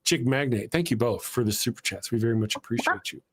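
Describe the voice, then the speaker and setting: Guy cohosting a live stream, rambly and self-deprecating, middle pitch. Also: expressive, fast, a bit bright. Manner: rambling, self-deprecating, reads viewer super chats aloud. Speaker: co-host of a live atheist talk show. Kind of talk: casual live-stream chat.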